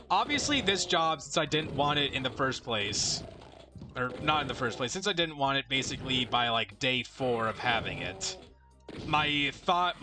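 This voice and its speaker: A young man casually telling a long story while gaming, rambling and swearing, often cutting himself off mid-sentence. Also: fairly high pitch. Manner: rambling, profane, self-interrupting. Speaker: let's play co-host.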